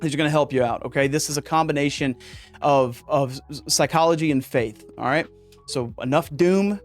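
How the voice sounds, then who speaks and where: A man hosts a podcast in a lively, fired-up monologue, breaking into jokey asides. His voice sits a little on the high side, and faint music plays beneath him. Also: fairly quick. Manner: energetic, gets worked up, jokey asides. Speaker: podcast host. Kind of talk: casual podcast monologue on men's mental health.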